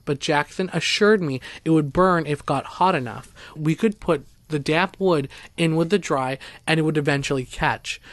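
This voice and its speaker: A man reading a first-person story aloud as narrator, in a steady, even storytelling manner. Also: fairly high pitch, no room sound. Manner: steady, even storytelling, voicing quoted speakers.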